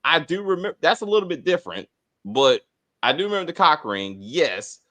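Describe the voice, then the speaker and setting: A middle-aged man hosting a casual TV review chat, rambling, swearing and talking in an animated way. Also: on the high side, a little fast. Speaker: TV review host.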